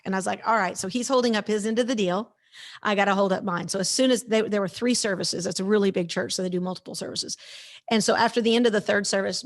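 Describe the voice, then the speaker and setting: A woman in her fifties tells her story as a guest in an interview. She talks with emphasis and energy, and she plays out what others said. Her voice sits at an ordinary pitch for a woman. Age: 50s. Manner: energetic, emphatic storyteller who acts out quoted lines. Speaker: guest speaker.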